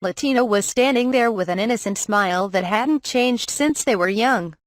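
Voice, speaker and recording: A woman narrating a light novel audiobook, reading the story and its dialogue in an even, measured way. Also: fairly high pitch, no room sound, clean studio sound. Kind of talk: scripted narration with character dialogue.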